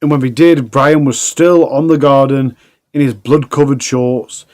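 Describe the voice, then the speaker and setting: A man's voice: medium pitch, steady tone, measured pace, darkish tone. A man narrating a true crime documentary in a plain, conversational way with casual asides.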